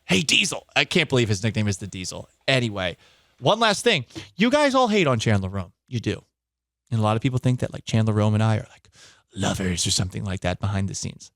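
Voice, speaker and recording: Animated, sarcastic male sports talk host. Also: lowish voice, fast talker, no echo. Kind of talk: sports radio banter. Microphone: studio microphone.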